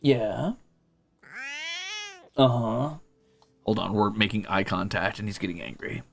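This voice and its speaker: A man's voice: lowish voice, measured pace, gravelly, slight background noise. A man streaming from a room at home, chatting casually while he draws, swearing freely and teasing his cat in coaxing baby-talk. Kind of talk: casual live-stream chat while drawing.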